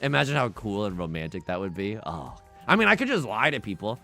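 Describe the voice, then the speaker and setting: Brief: young male streamer, first language Mandarin, casual rambling game commentary, animated and gravelly. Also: on the low side, a little fast, faint music behind. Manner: rambling, self-deprecating, chatting with viewers. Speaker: livestreamer playing online mahjong.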